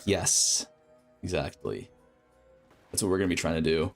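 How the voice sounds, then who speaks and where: A man's voice: low-pitched, sing-song, moderate pace, creaky, faint music behind. A man streaming a game, casually thinking aloud through a crafting plan and correcting himself as he goes. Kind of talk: explaining a game crafting strategy.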